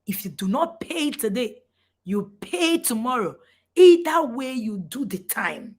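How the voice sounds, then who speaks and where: A woman's voice: on the high side, sing-song, moderate pace, darkish tone, slightly rough. A middle-aged woman, a parent coach giving a passionate motivational talk, swinging between emphatic lines and near-whispers.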